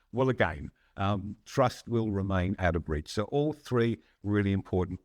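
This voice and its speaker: A man, a psychologist and consultant explaining ideas in a measured, conversational way with frequent hesitations. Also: medium pitch, darkish tone, dry recording, studio quality. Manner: measured, frequent "um" and restarts, occasional laugh. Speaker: psychologist and consultant, podcast guest.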